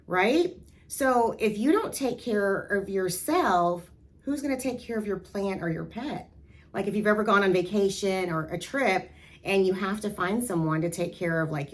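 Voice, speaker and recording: A woman leads a self-esteem lesson for young girls in a medium-pitched voice. She talks to them directly, coaxing and lively, and has them repeat affirmations out loud. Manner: animated, coaxing, asks listeners to repeat affirmations. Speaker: youth self-esteem instructor. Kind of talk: encouraging talk to young girls.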